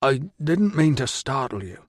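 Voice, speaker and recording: A man narrating plays an injured young runaway soldier, speaking carefully through pain. The voice is pitched above the reader's own. Dry, close audiobook sound. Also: animated, dry recording, natural voice. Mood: pleading. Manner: halting, careful. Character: hurt hungry young male runaway legionary.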